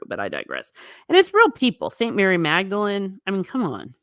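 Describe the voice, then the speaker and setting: A woman's voice: mid-range voice, wildly swooping pitch, brisk, fairly bright tone, no echo, clean studio sound. A woman hosting her own channel, musing alone in her living room in a chatty, rambling way with sarcastic asides. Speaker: channel host. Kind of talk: casual solo musing.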